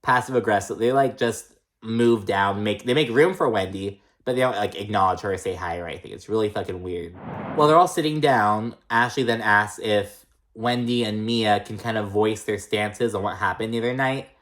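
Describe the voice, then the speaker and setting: A man's voice: lowish voice, moderate pace, a bit bright. A man casually recapping a reality TV episode in a gossipy, profane way, with lots of fillers.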